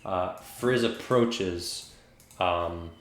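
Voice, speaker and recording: A man's voice: sits low, very slow, a bit bright. Man game master in an echoey room. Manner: casual, with fillers and laughs. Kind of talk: narrating a tabletop game. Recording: echoey room with faint noise.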